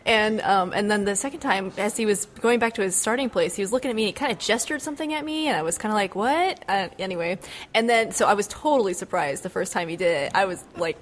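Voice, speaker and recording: A woman chatting excitedly about being an extra, giggling and acting out her own reactions. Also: medium pitch, quick pace, slight background noise. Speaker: fan and film extra. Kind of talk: excited casual chat.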